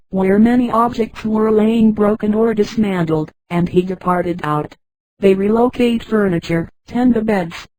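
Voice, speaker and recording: A synthetic female voice narrating a space pirate story in a flat text-to-speech reading that speaks punctuation names aloud. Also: mid-range voice, dry recording, low-quality recording.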